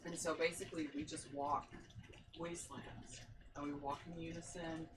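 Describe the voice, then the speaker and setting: A woman with a low voice, appearing as a podcast guest, shares her story with eager enthusiasm, laughing again and again in a casual chat. She speaks at normal speed in a level tone, sitting some distance from the mic with clear background noise underneath.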